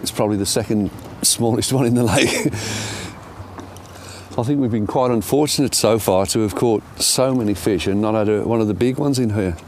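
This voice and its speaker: A man's voice: on the low side, normal speed, darkish tone, a little hiss or hum. An older man, chatting self-deprecatingly while fighting a fish outdoors by a lake. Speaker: angler and show presenter. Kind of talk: casual fishing commentary.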